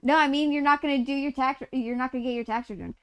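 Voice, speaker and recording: High, smooth-voiced woman streamer. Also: fairly even intonation, quick pace, a bit bright. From Utah. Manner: rambling, profane, laughs mid-sentence. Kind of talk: casual live-stream chat while gaming.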